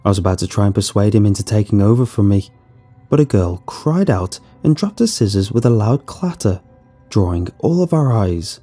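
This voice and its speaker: A man narrating a horror story in a scripted, expressive storytelling way. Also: on the low side, normal speed, husky. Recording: soft music behind the voice.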